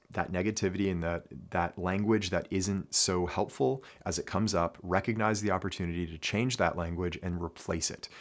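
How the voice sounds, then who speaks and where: A young man, a basketball coach, giving an earnest, reflective talk to camera and repeating key phrases for emphasis. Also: low-pitched.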